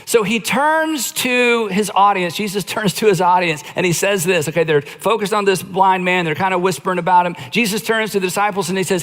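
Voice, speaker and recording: A middle-aged male pastor preaching a conversational sermon, slowing down to dramatize quoted lines. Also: sits high, fairly bright tone, long reverb tail. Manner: conversational preaching, acts out quoted lines with slow emphatic phrasing.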